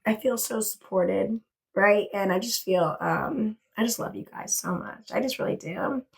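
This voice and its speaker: A woman's voice: mid-range voice, a little slow, creaky. A woman hosting a casual livestream from her bedroom, gushing and chatty, thanking viewers over and over and swearing casually. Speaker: livestream host.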